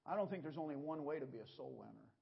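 A man's voice: fairly high pitch, lively intonation, very fast, gravelly, breathy edge, highs cut off. A man preaching a sermon, telling stories in a folksy way. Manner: folksy storytelling preacher, acts out gestures. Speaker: pastor.

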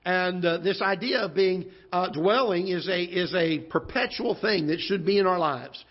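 A man preaching a sermon as pastor, unhurried and folksy with many fillers, slowing down to read scripture. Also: sits high. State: occasional cough. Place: church auditorium. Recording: dull lo-fi church broadcast audio.

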